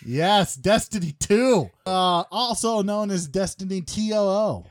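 Joking podcast host, slightly high voice. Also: male voice, animated, measured pace, dry recording, studio quality. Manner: rambling, joking, many fillers and restarts. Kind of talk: casual podcast chat.

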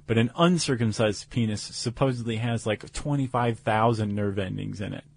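A man's voice: fairly low pitch, moderate pace, vocal fry, a little mellow. A man co-hosting a podcast, explaining science in casual chat with fillers and restarts. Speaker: podcast co-host.

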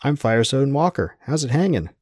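A man's voice: mid-range voice, very animated, brisk, a little mellow, no echo, clean studio sound, pitched above the performer's own voice. A man voicing a laid-back male surfer dude who is the voice of a beer tap, drawling and slangy. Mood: easygoing.

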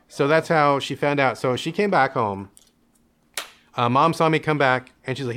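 A young man telling a candid personal story in an interview, animated, acting out his parents' voices and laughing often. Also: medium pitch, moderate pace, a little hiss or hum. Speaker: interview guest.

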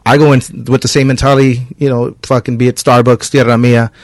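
A man's voice: mid-range voice, level tone, fairly quick, dry recording. A man who is a guest on a podcast, speaking in a laid-back way and swearing casually.

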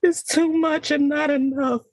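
A woman's voice: sits high, fairly even intonation, unhurried, no echo, pitched above the performer's own voice, rough recording. A woman performing a dramatic monologue as a grown daughter wounded by her mother's love, pleading and rising into anguish.

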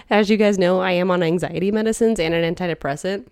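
A woman's voice: lowish voice, fairly quick, smooth, no echo, studio quality. A young woman co-hosting a podcast in casual chat, telling stories and laughing often. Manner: animated storyteller, laughing often. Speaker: podcast co-host.

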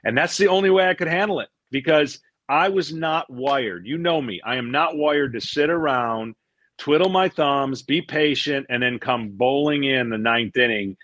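A middle-aged man, a former pitcher, telling stories in a casual interview; he acts out what people said and often repeats words as he goes. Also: moderate pace, dry recording. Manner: animated storyteller, acts out quotes, repeats words.

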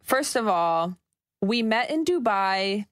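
A woman's voice: mid-range voice, lively intonation, slow, dry recording, studio quality. A woman co-hosting a podcast, snarky and opinionated, with rambling asides in casual chat. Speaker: podcast co-host.

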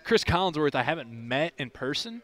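A young man, a comedian guest in a casual interview, chatty and quick to laugh, slipping into quick voices. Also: fairly high pitch, big pitch swings, fairly bright tone.

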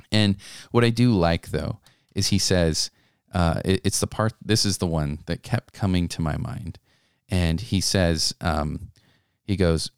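A young man co-hosting a devotional talk reads scripture aloud and then reflects on it, earnest and conversational, with many restarts and asides. His voice is low-pitched, unhurried, clear and resonant, captured in a dry, clean studio recording.

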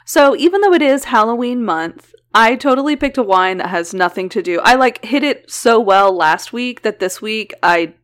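A woman's voice: fairly high pitch, lively intonation, moderate pace, hardly any pauses. A woman co-hosting a podcast, chatting casually and animatedly, often laughing. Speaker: podcast co-host. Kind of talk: casual chat.

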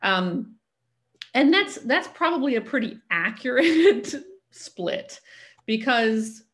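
A woman co-hosting a podcast, explaining history in casual chat with frequent ums and easy laughs. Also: fairly low pitch. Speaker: podcast co-host.

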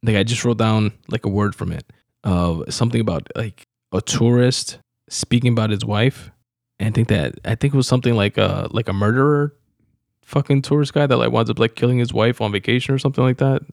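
A man's voice: medium pitch, brisk, vocal fry, a little mellow, dry recording, clean studio sound. A young man hosting a podcast, rambling casually about a comedy special, laughing and swearing freely. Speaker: podcast host. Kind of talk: casual solo podcast review.

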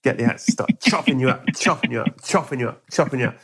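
A man's voice: mid-range voice, quick pace, fairly bright tone, husky. A man, hosting a podcast and telling a playful, absurd comic story to his guest. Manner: playful, spins absurd tales with quoted voices. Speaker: podcast host. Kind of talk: comic storytelling in a casual interview.

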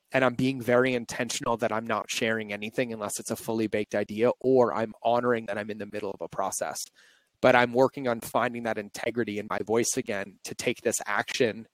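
A man's voice: lowish voice, dry recording, low-quality recording. A male podcast host talking openly and reflectively in a candid conversation, his voice shaky and close to tears. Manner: open, reflective, confessional.

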